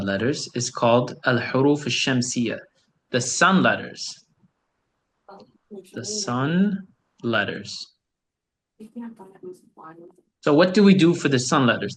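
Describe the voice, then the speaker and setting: A man's voice: mid-range voice, a bit bright. A man teaching a beginner Arabic lesson over a video call, patiently repeating each word and explaining the sounds. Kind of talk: online beginner language lesson.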